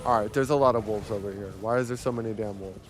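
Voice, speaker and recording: A young man cursing his way through a game, talking to himself and breaking into loud exclamations. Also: lowish voice, steady tone, fast talker, noisy background. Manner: profane, talks to himself, bursts into loud exclamations. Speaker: gamer. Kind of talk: live gameplay commentary.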